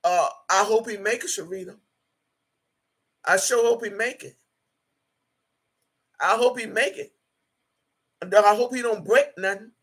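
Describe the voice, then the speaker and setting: A woman's voice: medium pitch, a little slow, pauses often, breathy edge. A woman livestreaming in a casual way, reading viewers' chat comments aloud in a blunt, emphatic manner, swearing freely and switching into prayer. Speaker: YouTube live streamer.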